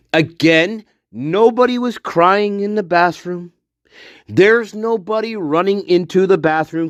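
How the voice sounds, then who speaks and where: A man's voice: on the high side, clear, resonant tone, no room sound. A man giving a profane, repetitive, accusatory rant as a true-crime commentator, recorded on a dull lo-fi track. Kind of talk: angry solo rant to camera.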